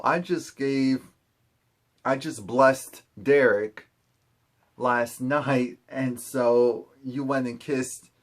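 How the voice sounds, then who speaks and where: A young man casually recapping a TV episode, quickly acting out the characters in quoted asides. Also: mid-range voice. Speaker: TV recap host.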